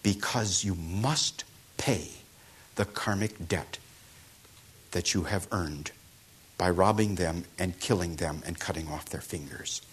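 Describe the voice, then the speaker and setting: A man doing a quiet, serene monk. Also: deep voice, husky, voice pushed down, heavily acted. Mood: solemn. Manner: quiet, gentle, measured. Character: calm, serene male monk teacher.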